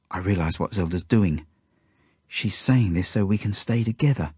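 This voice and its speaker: Author-narrator, male, low husky voice, earnest first-person storytelling. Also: moderate pace, darkish tone, dry recording, studio quality. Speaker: author reading his book. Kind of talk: audiobook narration.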